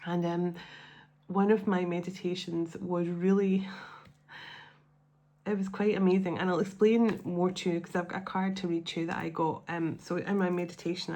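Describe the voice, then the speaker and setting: Gravelly low-voiced woman, emotional and rambling. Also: dark tone. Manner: emotional, rambling, with many restarts. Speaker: tarot and spiritual channel host. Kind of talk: casual heartfelt talk to viewers.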